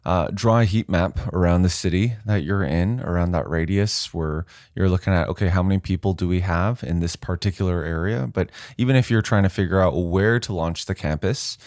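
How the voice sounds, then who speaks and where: A man's voice: low-pitched, a little fast, few pauses, a little mellow, dry recording, studio quality. A man co-hosting a ministry podcast, playful and asking questions, then explaining step by step. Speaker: podcast co-host. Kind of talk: casual podcast chat.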